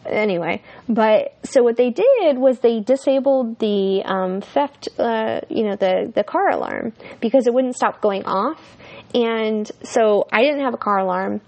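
Young woman podcaster rambling thru a story, kinda high, super fry-heavy, swears a lot. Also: a little mellow. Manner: chatty and candid, many fillers, swears freely. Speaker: podcast host. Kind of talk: casual storytelling monologue.

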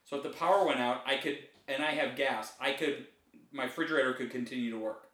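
A man's voice: medium pitch, fast talker, a bit bright. A middle-aged man co-hosting a podcast in casual chat, rambling and repeating himself as he talks. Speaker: podcast co-host. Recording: roomy, a bit far from the mic.

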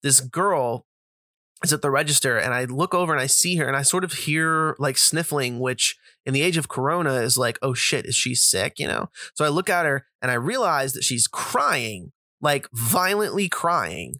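Forceful, bright-voiced man telling a story. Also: mid-range voice, expressive, moderate pace, dry recording, studio quality. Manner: chatty, profane, lots of fillers and asides. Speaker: podcast host. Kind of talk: casual storytelling monologue.

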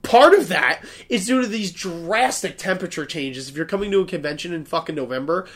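A man co-hosting a podcast in casual chat from a hotel room, animated, laughing often and swearing freely. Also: a little high, brisk. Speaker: podcast co-host.

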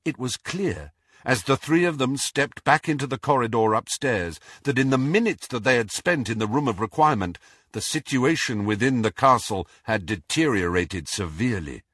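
A man narrating an audiobook chapter with expressive storytelling. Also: medium pitch, moderate pace, breathy edge, dry recording, clean studio sound. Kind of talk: scripted narration.

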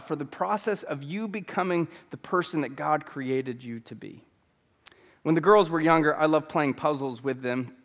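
Preaching in a church sanctuary that sounds like a large hall, this pastor in his thirties has a fairly high-pitched voice. Earnest in tone, he keeps returning to key phrases to drive them home.

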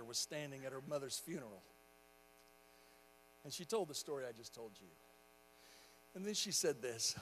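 A male pastor preaching a sermon, telling a story quietly and then rising into loud, impassioned exhortation. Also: high-pitched. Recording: long hall reverb.

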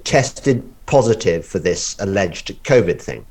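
A man hosting a casual interview, his lowish voice swinging up and down as he talks. He rambles, stopping and restarting his sentences as he goes. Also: big pitch swings, a little mellow. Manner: rambling, halting, self-interrupting.

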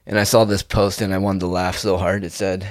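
Young man, casual rambling monologue, laid-back, says dude a lot, lowish voice, dry close sound. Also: level tone, brisk, no echo. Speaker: vlogger.

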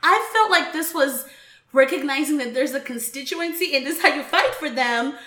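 A woman with a high, bright voice talks politics in a loose podcast chat. She is animated and swears freely, laughing through her points. The room rings with echo. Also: moderate pace. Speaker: podcast co-host.

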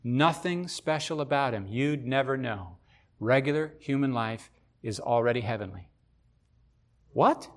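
A man hosting a podcast, talking in a casual devotional way, animated and speculative, often repeating himself for emphasis. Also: medium pitch, unhurried. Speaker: podcast host.

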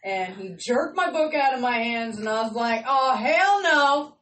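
A brash woman who laughs often and swears freely as she tells stories in a relaxed chat. Her voice is a bit high and sits back from the microphone. The room is echoey, with a light hiss behind her. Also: normal speed. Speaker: podcast co-host. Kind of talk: casual storytelling chat. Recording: echoey room, far from mic, faint noise.

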